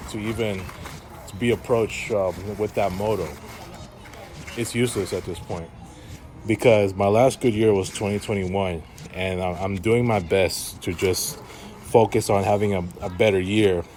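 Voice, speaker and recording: Weary rambling man, lowish voice. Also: a little mellow, a little hiss or hum. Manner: halting, rambling, weary and frustrated. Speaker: vlogger. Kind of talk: casual rambling monologue.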